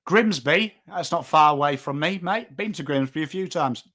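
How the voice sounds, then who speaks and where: This is a northern English man in his thirties, from England, running a live football watchalong as a casual stream chat. His fairly high voice sounds pushed and bright, moving at a moderate pace with lively intonation and hardly any pauses. He rambles, curses offhandedly, and calls out chat names as he talks to viewers.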